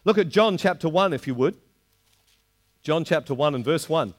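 An older man preaching a sermon to a congregation, animated, slowing down to stress quoted verses. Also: a little high. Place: church hall before a live congregation.

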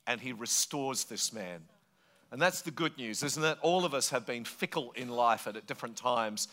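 Middle-aged man, pastor, animated storytelling sermon, bright voice. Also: mid-range voice, moderate pace.

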